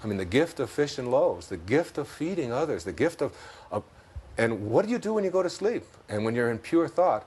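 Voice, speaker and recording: A man's voice: mid-range voice, big pitch swings, fairly quick, darkish tone, breathy edge. A man with a Detroit accent, a guest in an interview, talking in an expansive, storytelling way and laughing at his own jokes. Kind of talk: reflective spiritual interview talk.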